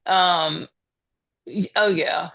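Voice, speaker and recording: A Southern American woman in her fifties, from the Southern United States, makes casual conversation as a podcast guest, speaking hesitantly with many restarts and fillers. Her voice is fairly low and fairly bright, very slow, with vocal fry and fairly even intonation.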